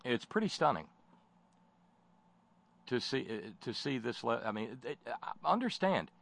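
A man's voice: mid-range voice, sing-song, a little slow, creaky, fairly bright tone. A man giving sardonic spoken commentary, mocking and rambling with many fillers and false starts.

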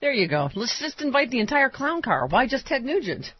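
A woman hosting a political talk radio show, bantering fast with lots of restarts and laughs. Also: sits high, sing-song, dull audio, slight background noise. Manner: quick, laughing, restarts a lot.

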